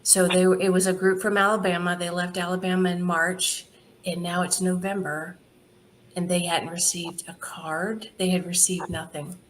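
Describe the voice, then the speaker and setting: Slight background noise accompanies this lowish female voice, moving at a moderate pace. She's a middle-aged woman who founded a charity, and she's sharing anecdotes in a relaxed interview, frequently laughing and performing the dialogue of those she quotes.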